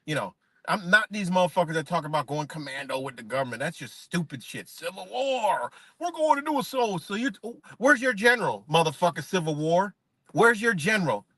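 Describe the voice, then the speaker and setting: In an unscripted live-stream rant, a man fires off rhetorical questions, hot-tempered and swearing. His voice sits high and sing-song, sharp in tone and a little fast, with no echo.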